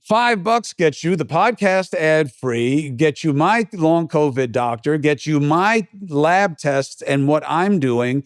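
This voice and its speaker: A man's voice: fairly high pitch, animated, takes it slowly, few pauses, smooth, dry recording, studio quality. Blunt man delivering a podcast monologue. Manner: blunt, conversational, emphatic, swears. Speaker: podcast host. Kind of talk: opinion monologue.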